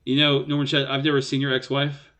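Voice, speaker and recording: Brief: man, poker-stream co-host, wry self-mocking banter, quick to laugh. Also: medium pitch, completely flat delivery, a bit bright. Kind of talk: casual live-stream banter.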